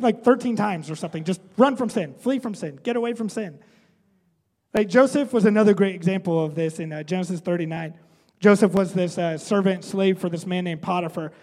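Pastor guy, pretty high voice, chatty sermon, lots of "right?", big echoey church hall. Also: a little mellow. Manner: conversational, often adds "right?".

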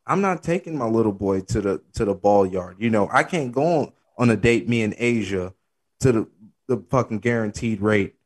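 A man's voice: fairly low pitch, lively intonation, moderate pace. A man in profane casual chat, rambling earnestly and restarting often.

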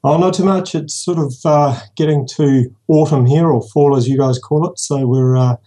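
A man from New Zealand with a Kiwi accent, talking as a podcast guest over voicemail and a Skype call, relaxed and hesitant, with many ums. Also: a little high, moderate pace. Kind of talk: voicemail and phone interview.

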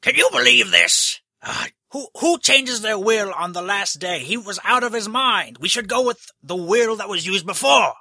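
A man voicing an indignant, entitled rich man who rants and shouts in outrage. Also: sits high, expressive, moderate pace, vocal fry, few pauses, husky, no room sound, studio quality, voice pushed up, exaggerated voice. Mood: outraged.

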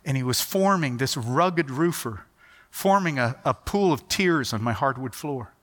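A man's voice: a little high, fairly bright tone. A middle-aged man preaching a sermon, telling stories animatedly and acting out the dialogue. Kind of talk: sermon storytelling. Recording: long hall reverb.

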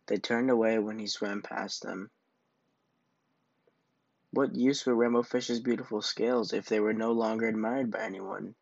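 A man reading a children's picture book aloud as storyteller, in a slow, gentle manner. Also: on the low side, gravelly, dry recording, lo-fi sound.

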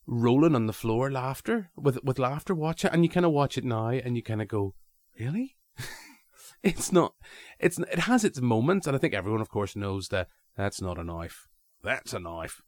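A man's voice: mid-range voice, expressive, moderate pace, a little mellow, dry recording. A man hosting a podcast, chatting casually and animatedly, with frequent restarts. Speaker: podcast host.

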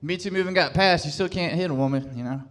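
A man's voice: on the high side, fast talker, fairly bright tone. A man doing a stand-up set on a club stage, hesitant, full of stammered restarts. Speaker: stand-up comedian.

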